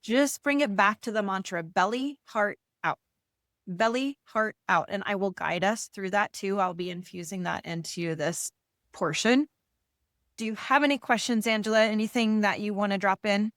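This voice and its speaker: A woman facilitating breathwork, giving slow, soothing guidance over a video call. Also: mid-range voice, fairly bright tone, no echo, studio quality. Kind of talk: guided breathwork instruction.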